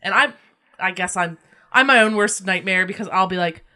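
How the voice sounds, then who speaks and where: A woman's voice: mid-range voice, normal speed, sharp tone. A woman guest on a casual podcast chat, rambling with many fillers. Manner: rambling, filler-heavy, laughs a lot.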